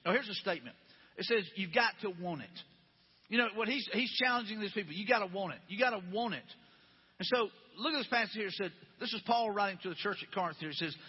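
A man's voice: high-pitched, breathy edge. Brief: pastor, male, conversational sermon, dull lo-fi sound. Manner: conversational, repetitive rhetorical questions. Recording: dull lo-fi recording with long hall reverb.

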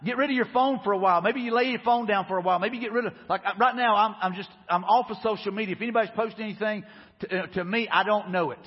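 A man's voice: sits high, fast talker, husky. A man preaching a sermon in a church, earnest and repetitive, acting out prayers in his own voice. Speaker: pastor. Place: church sanctuary. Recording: muffled church recording with reverb. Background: long hall reverb.

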